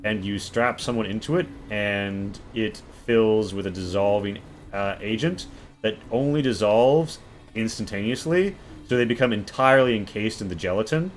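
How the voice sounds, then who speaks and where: Low-voiced man running a tabletop game. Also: moderate pace, slight background noise. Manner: vivid, crude, rambling narration. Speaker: game master.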